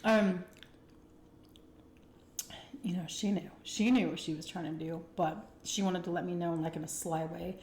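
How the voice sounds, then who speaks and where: A young woman vlogger casually telling a personal story while eating, animated and swearing freely. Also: lowish voice, normal speed, pauses often, echoey room, slight background noise. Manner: animated, conversational, acts out quotes, swears freely.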